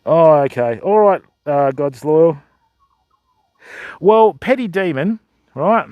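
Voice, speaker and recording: A man's voice: a little high, lively intonation, slow, smooth, dry recording, narrow, tinny audio. A middle-aged man with an Australian accent, chatting casually and joking with viewers on a livestream. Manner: laid-back, joking, chatty. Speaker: fishing livestreamer.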